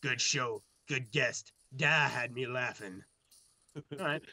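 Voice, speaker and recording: A man's voice: mid-range voice, slow pace, bright, forceful tone, dry recording. A young man co-hosting a casual podcast, joking around loosely and swearing freely. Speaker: podcast co-host.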